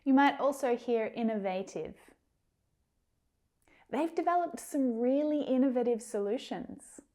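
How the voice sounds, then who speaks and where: A woman teaching English pronunciation, saying words slowly and clearly, drilling each one several times with careful articulation. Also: high-pitched, mellow. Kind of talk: slow, deliberate pronunciation lesson.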